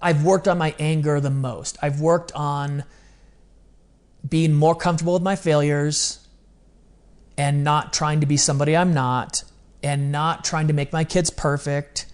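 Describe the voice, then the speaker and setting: A man's voice: a little high, steady tone, a little slow, clear, resonant tone. A man speaking as a podcast guest in a candid interview, telling stories in an earnest, open, confessional way and often quoting what he once said. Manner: quotes his own past words in dialogue.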